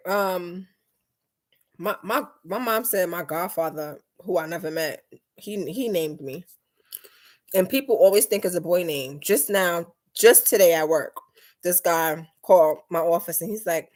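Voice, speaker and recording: A young woman chatting casually on a live stream, reading comments and acting out her mother's lines in a lively, talkative way. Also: lowish voice. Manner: lively, chatty, quick mood swings, acts out her mom's lines. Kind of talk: casual chat.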